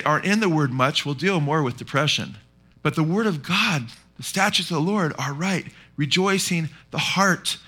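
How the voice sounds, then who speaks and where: A Californian man preaching a church sermon in a very bright, ringing voice that sits a little high. He stays animated and talks straight to the congregation with quick asides. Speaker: pastor.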